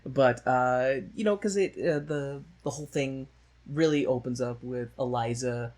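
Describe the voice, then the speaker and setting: A man's voice: medium pitch, a little slow, a little mellow. A man co-hosting a podcast, recapping a musical in rambling, jokey casual chat with the odd mocking put-on voice. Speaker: podcast co-host.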